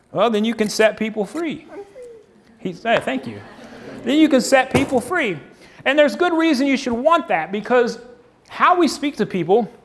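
A man's voice: sits high, a bit bright. A man preaching a conversational sermon, acting out quoted voices as he goes.

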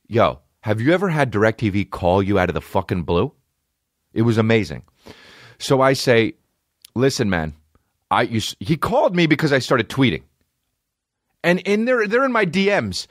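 A man's voice: normal speed, dry recording. Guy ranting on his podcast, swears a lot, voice swings way up and down, dry close mic. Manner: animated, profane, swings from low mutter to high-pitched yelling. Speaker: podcast host. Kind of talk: comedic rant. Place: podcast studio.

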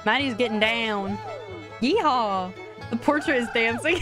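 A woman's voice: on the high side, unhurried, music in the background. Giggly young woman streaming a game. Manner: chatty and giggly, reacting aloud to the game; excited squeals at wins. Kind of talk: live game commentary.

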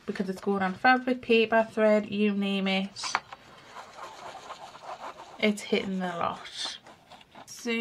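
A woman's voice: medium pitch, steady tone, slow pace, long pauses. A woman chatting casually through a crafting tutorial, thinking aloud and poking fun at herself as she works. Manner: chatty, self-mocking, thinks aloud while working. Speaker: crafting vlogger. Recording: home recording with clear background noise.

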